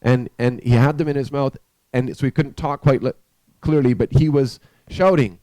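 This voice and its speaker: A man preaching in a church, telling a story in a conversational, halting way with frequent restarts. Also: mid-range voice, fairly even intonation, dark tone, no echo. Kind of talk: storytelling sermon.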